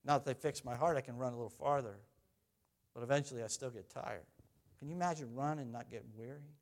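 A middle-aged man preaching a sermon as pastor, talking in a conversational way, asking the congregation questions and swinging from loud to quiet. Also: medium pitch, quick pace.

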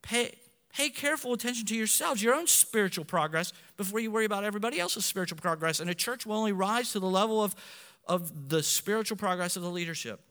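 A man, a pastor, preaching a sermon with animated delivery, swinging between loud and hushed passages. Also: high voice, fast, big-room sound.

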